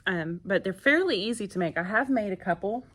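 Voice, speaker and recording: A woman talks into her phone in a classroom, a first grade teacher filming a casual vlog. Her pitch sits in the middle range, and she rambles with plenty of fillers and little asides. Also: lively intonation, a little fast, a bit bright. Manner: chatty, lots of fillers and asides. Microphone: phone camera.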